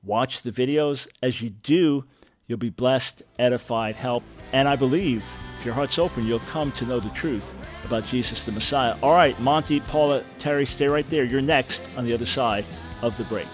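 A man's voice: mid-range voice, moderate pace, over music. A middle-aged man hosting a call-in radio show, teaching earnestly and stressing points by repeating words. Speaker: radio talk show host.

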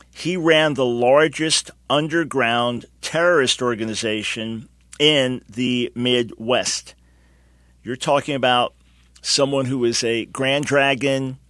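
A man's voice: mid-range voice, pushed and bright, dry recording. A man in his sixties hosting Christian talk radio, speaking in an earnest, emphatic, preacherly way. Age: 60s. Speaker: radio host.

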